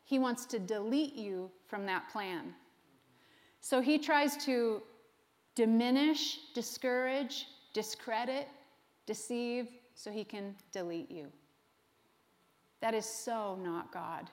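A woman pastor preaching a sermon with an animated style and frequent laughs. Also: fairly high pitch, takes it slowly, big-room sound.

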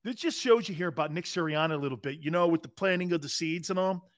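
A man's voice: a little high, fast, dry recording, clean studio sound. A man hosting an opinionated sports talk radio show, brash, rambling and joking.

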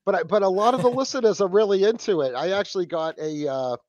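A man with a strong Boston accent talks loosely and rambles, with plenty of fillers and restarts. His voice sits a little high. The recording is dull and muffled, with a dry, close sound. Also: fast, a little mellow, dry recording. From New England. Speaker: podcast guest, host of his own podcast. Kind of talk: casual podcast chat.

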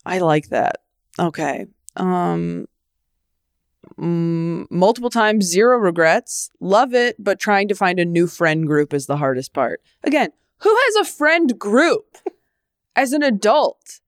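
A young woman co-hosts a casual podcast, her voice sitting a bit low. She tells stories with sarcastic, animated asides. The sound is close and completely dry. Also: slow pace, dry recording. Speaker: podcast co-host. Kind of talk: casual chat. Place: living in New York.

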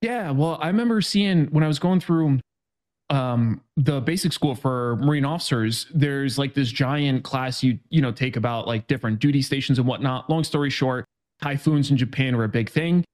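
Guest expert, man, mid-pitched, relaxed and jokey, casual podcast talk. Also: normal speed. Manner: laid-back, joking, swears casually. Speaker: options trading guest expert.

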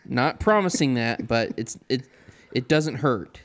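A man's voice: medium pitch, expressive, a little slow. Man teasing as podcast co-host. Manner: joking, dry teasing. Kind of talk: casual chat.

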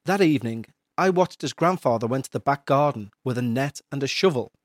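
A man hosting a podcast, reading out a listener's eerie story in a measured, somber way. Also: mid-range voice, lively intonation, no echo, studio quality. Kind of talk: narrated paranormal story.

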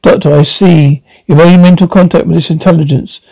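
A man voicing a calm, curious traveller who asks brisk, reassuring questions. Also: a little high, gravelly, no echo, low-quality recording.

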